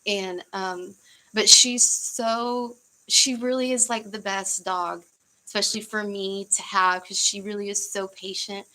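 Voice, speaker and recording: Give me a young woman from the United States hosting a casual livestream, bright-toned and chatty. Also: medium pitch, steady tone, measured pace, low-quality recording. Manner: chatty, rambling, with frequent laughs and fillers. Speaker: livestream host.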